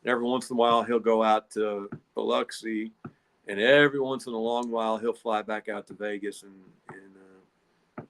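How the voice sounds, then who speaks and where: A man's voice: lowish voice, a bit bright. A man telling a long, rambling story in a casual podcast monologue. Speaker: podcast host.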